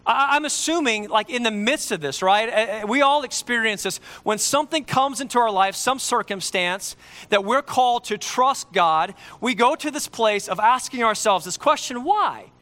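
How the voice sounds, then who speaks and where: A man preaching a sermon, emphatic and repeating key lines slowly for effect. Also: very high-pitched, bright, forceful tone.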